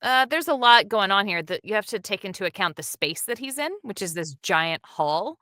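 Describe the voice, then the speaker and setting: A woman who works as a dub director, chatting animatedly and enthusiastically in an interview, with quick asides. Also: medium pitch, animated, sharp tone, dry recording, clean studio sound. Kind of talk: casual interview chat.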